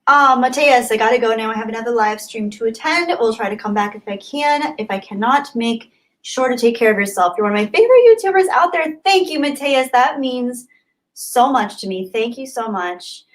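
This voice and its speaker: A woman's voice: fairly high pitch, lively intonation, a little fast. Earnest woman chatting on a livestream. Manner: earnest, thankful, rambling with frequent fillers. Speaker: YouTube livestream host. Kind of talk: casual chat reading viewer comments.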